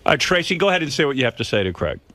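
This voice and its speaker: A man's voice: medium pitch, big pitch swings, very fast, sharp tone. Teasing male radio host. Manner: teasing, prodding questions. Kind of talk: radio talk show banter.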